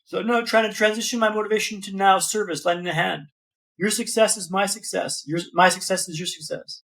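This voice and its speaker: A young man, a podcast guest, telling his story in a casual, animated way and calling the host man and brother. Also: high-pitched, a little fast, gravelly. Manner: animated, slangy, calls listener man and brother.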